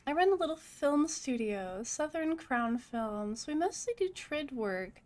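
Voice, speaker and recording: A sleazy, rotund studio boss in a cyberpunk game, all high nasal wheeling and dealing in a rough mock New York accent. A woman puts him on while reading the game text. The voice stays fairly high. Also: sing-song, measured pace, darkish tone. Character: rotund male film-studio boss, oily and pushy. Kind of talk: reading game dialogue aloud.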